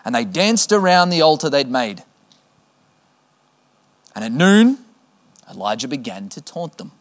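Male preacher, mid pitch, reads scripture casually and jokes with the congregation. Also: big pitch swings, unhurried. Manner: casual, joking asides to the congregation. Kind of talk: sermon, reading scripture aloud.

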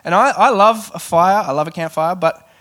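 Male preacher, casual and animated, light self-deprecating humour, slightly higher voice. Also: moderate pace. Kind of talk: sermon.

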